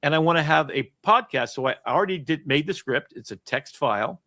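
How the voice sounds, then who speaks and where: A man's voice: on the high side, animated, pushed and bright, no room sound, clean studio sound. A man hosting an interview show in casual chat, talking enthusiastically and jumping between thoughts over a video call. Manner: enthusiastic, rambling, rapid shifts of thought. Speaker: host.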